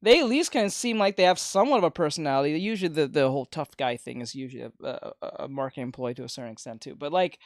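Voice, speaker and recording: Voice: mid-range voice, expressive, racing, hardly any pauses, no echo, clean studio sound. An art streamer chatting casually while drawing, rambling and swearing with many restarts.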